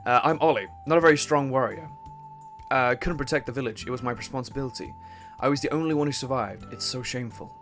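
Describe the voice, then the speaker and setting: A man voicing a young male desert warrior who is ashamed and doubts himself, read low and slow in a game let's play. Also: a bit bright, faint music behind, lightly acted. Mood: dejected.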